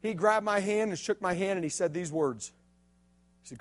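Man, youth pastor, very high voice, hushed-to-loud sermon delivery. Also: normal speed. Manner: storytelling preacher, swings from hushed to loud and emphatic.

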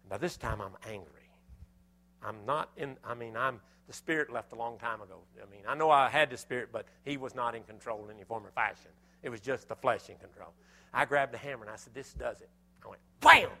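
A man delivers a sermon in a mid-range voice at a slightly quick pace, recounting a personal story with lively exclamations scolding himself before ending in prayer.

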